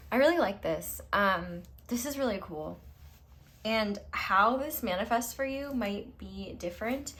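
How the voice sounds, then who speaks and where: A woman's voice: mid-range voice, normal speed, a bit bright, slight background noise. A woman tarot reader speaking straight to her viewers in a pick-a-card reading, reassuring and affirming.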